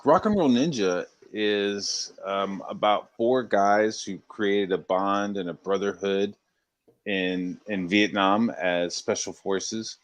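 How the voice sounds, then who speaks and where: A man's voice: lowish voice, slow pace. A man appearing as a guest, telling stories in a rambling, profane, laid-back way. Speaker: guest comic artist. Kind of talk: casual chat.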